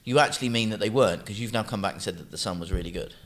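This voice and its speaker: A man's voice: on the low side, rapid-fire. A middle-aged man, co-hosting a podcast, speaking openly and reflectively about how he feels. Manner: relaxed, open and reflective about his anxiety. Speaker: podcast co-host. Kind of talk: casual chat.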